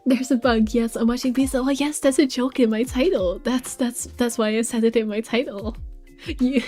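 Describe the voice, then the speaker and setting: A woman's voice: a little high, fairly even intonation, moderate pace, warm tone, faint music behind. A woman live-streaming a game, chatting casually with her viewers and reading game text aloud. She is chatty and giggly and trips over her words.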